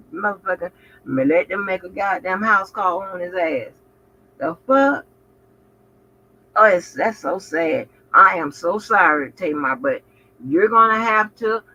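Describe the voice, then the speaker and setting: A woman hosting a reaction commentary channel, profane and animated, talking back at the clips she plays. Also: on the low side. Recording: muffled with faint background noise.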